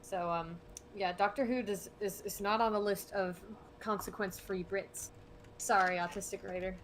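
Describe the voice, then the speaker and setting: A young woman hosting an art stream who talks casually while she draws, rambling and laughing often, sometimes dropping to quiet mumbles as she works. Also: medium pitch, fairly even intonation, normal speed, slight background noise. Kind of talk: casual chat while drawing.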